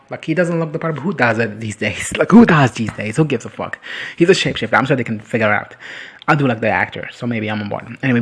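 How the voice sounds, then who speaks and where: A man's voice: mid-range voice, fairly bright tone, husky. A man casually recapping a show in a reaction video, rambling, swearing and laughing often.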